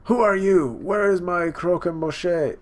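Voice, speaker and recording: A giant gluttonous old pirate queen in a rage, bellowing demands, as a man reads her lines aloud. The voice is pushed up high above a normal speaking pitch and drawls some words slowly. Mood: ravenous, furious. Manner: shouting demands, drawn-out words. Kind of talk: reading comic dialogue aloud.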